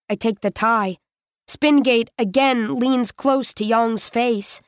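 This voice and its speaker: Audiobook narrator, woman, steady unhurried read, brightish register. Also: fairly high pitch, clean tone, no echo, clean studio sound. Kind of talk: first-person scripted story narration.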